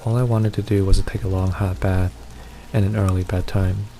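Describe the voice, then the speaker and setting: A man narrating a first-person horror story in a steady, measured reading. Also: deep voice, creaky, slight background noise.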